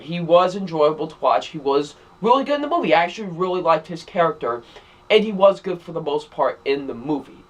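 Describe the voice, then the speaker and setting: A young man giving a casual spoken film review, rambling with many fillers and repeated phrases. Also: mid-range voice. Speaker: movie reviewer.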